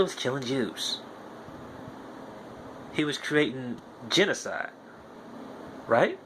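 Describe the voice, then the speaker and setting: A man's voice: medium pitch, big pitch swings, takes it slowly, long pauses, fairly bright tone, slight background noise. A young man hosting a podcast, delivering a heated, profane monologue that hammers his points home through repetition. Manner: profane, ranting, repeats himself insistently. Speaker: podcast host.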